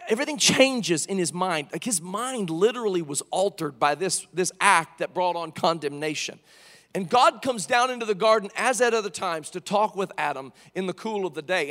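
A male preacher giving an impassioned sermon, moving from quiet storytelling to shouted proclamation. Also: sits high, big-room sound.

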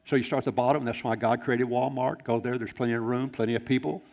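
A man preaching a sermon, shifting between loud exclamations and hushed, quiet lines. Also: medium pitch, steady tone, fast talker, creaky, lo-fi sound. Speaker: pastor.

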